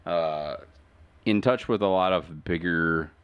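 A man co-hosting a podcast in casual, joking chat, sometimes jumping into high silly voices when quoting people. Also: takes it slowly, clear, resonant tone, dry recording, lo-fi sound. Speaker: podcast co-host.

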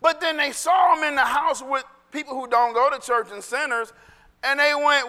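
High, bright-voiced preaching man. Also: normal speed, big-room sound. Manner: animated, conversational preaching that swings into shouting. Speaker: pastor. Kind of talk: sermon.

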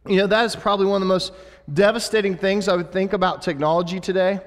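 A man's voice: on the high side, big-room sound. A man giving a conversational sermon as a pastor, with frequent restarts and asides.

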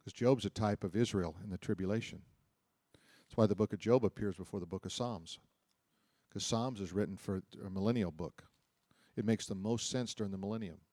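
This sermon comes from a man with a fairly low, dark voice speaking fairly quickly. He reads Bible passages aloud, explains them conversationally, and often turns questions to his listeners. There's no room sound, and the quality is studio-grade.

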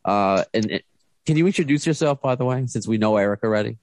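A man's voice: on the low side, animated, fast talker, a little mellow, no echo. A man hosting a podcast over a video call, chatting casually and rambling with restarts. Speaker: podcast host. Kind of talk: casual chat.

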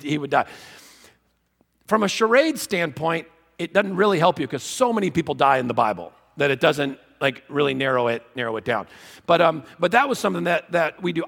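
A man giving a humorous teaching talk to a live audience, an animated and self-mocking storyteller. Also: on the high side, creaky. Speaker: conference speaker. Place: large conference hall. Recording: long hall reverb.

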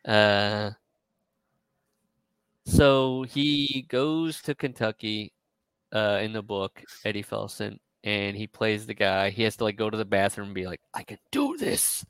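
A man co-hosting a casual podcast, retelling a story in a rambling way, full of fillers and quick quoted asides. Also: fairly low pitch, fairly even intonation, fairly bright tone, clear, resonant tone, dry recording, rough recording. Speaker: podcast co-host.

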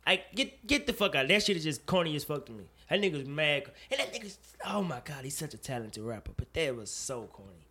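A man co-hosting a casual chat show, talking in an animated, profane way and pressing his point with rising emphasis. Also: fairly high pitch, a little fast, hardly any pauses, slightly rough. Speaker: podcast co-host.

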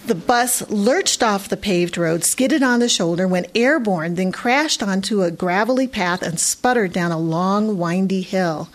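Expressive woman reading a children's book. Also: medium pitch, a little slow, hardly any pauses, some chatter behind. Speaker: narrator. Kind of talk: audiobook narration.

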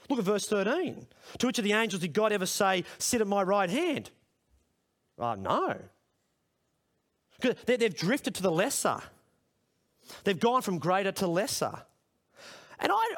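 This sermon comes from a middle-aged preacher at a school chapel, whose high-pitched voice has a fairly bright tone. Talking in a conversational manner, he grows emphatic while asking the room questions.

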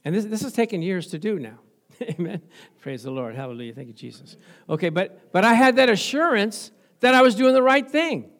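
High-voiced pastor telling a lively story. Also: male voice, a little fast. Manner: animated storytelling with laughs and praise interjections. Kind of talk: sermon.

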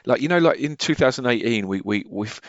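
A man's voice: mid-range voice, animated, a little fast, no echo. A man in his thirties, chatting casually as a podcast co-host, rambling with lots of restarts and fillers. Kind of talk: casual chat. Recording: muffled dry sound.

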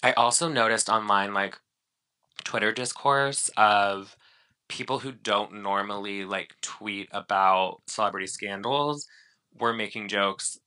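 A man's voice: fairly low pitch, measured pace, bright, forceful tone, smooth. A man co-hosting a podcast in casual chat, rambling with lots of fillers and restarts. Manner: chatty, rambling with many fillers. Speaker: podcast co-host.

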